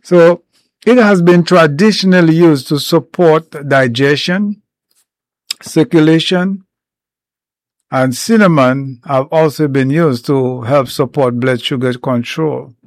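A man explaining herbal remedies in an informal talk, unhurried and step by step, with many pauses. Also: on the high side, dry recording. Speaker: herbal educator.

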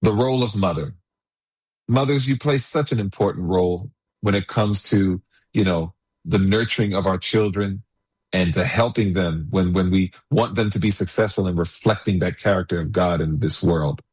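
A man delivers a sermon in a somewhat low, husky voice. He reads passages aloud, then drifts into earnest, conversational asides full of "you know." His tone stays sincere and pastoral throughout. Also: moderate pace, darkish tone.

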